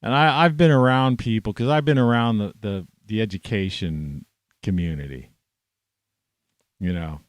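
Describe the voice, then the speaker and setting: A man ranting to camera in a rambling, profane monologue, scornful and swearing constantly, with sudden loud outbursts. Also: lowish voice, normal speed, no echo, clean studio sound. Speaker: vlogger.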